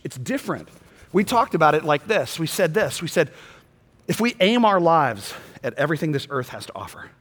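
Male pastor, higher voice, preaching a sermon, impassioned, loud peaks and soft drops, long hall reverb.

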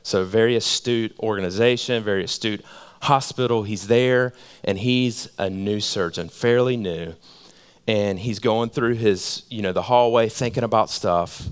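A male pastor preaching a sermon in a conversational way, repeating phrases for emphasis and dropping to a hush. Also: fairly low pitch, unhurried, smooth. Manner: conversational, repeats phrases for emphasis, swings between loud and hushed.

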